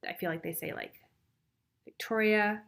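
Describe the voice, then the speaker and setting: A woman's voice: medium pitch, fairly even intonation, normal speed, gravelly, fairly bright tone. A woman doing a live group psychic reading, blunt and chatty, swearing and laughing often. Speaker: psychic reader.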